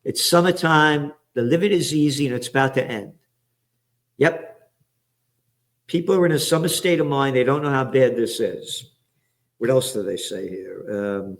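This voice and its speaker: A man's voice: medium pitch, creaky. Profane, ranting New man. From the Bronx, New York. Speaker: trends forecaster and show host. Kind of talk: profane current-affairs commentary.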